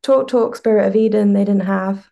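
A woman's voice: mid-range voice, normal speed, vocal fry, mellow, highs cut off. A young woman guest with a mixed British-American accent, chatting in a laid-back, rambling way on a podcast. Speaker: musician guest. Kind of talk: casual podcast chat.

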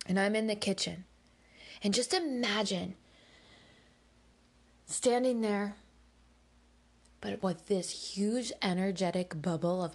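Slow, candid woman podcast host. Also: fairly low pitch, fairly even intonation. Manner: emphatic, candid, swears when heated; slow and deliberate. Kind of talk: personal storytelling monologue.

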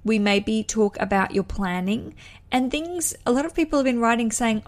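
A woman's voice: a little high, normal speed. Chatty self-deprecating woman podcast host. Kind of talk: casual solo podcast chat.

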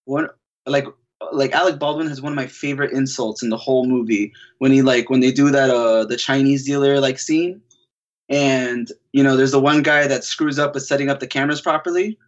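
A man's voice: mid-range voice, steady tone, brisk. A man co-hosting a casual film podcast, eager and keen to retell favorite scenes. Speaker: podcast co-host. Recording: dull lo-fi mic.

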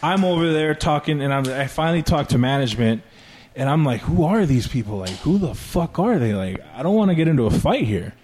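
A man telling a long story in casual chat, profane and animated, acting out quotes. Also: fairly high pitch, fairly quick, slight background noise.

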